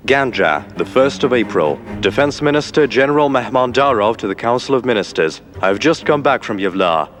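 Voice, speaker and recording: A man narrating a documentary, reading old dispatches in an even, formal way. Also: medium pitch, normal speed, few pauses.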